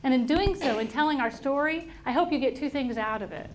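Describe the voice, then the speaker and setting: A middle-aged woman with a high, bright voice speaks to an audience in a large room, telling a personal story and acting out the voices she quotes. Faint room noise sits under her amplified voice. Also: a little fast. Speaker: invited speaker. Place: auditorium at a workplace event.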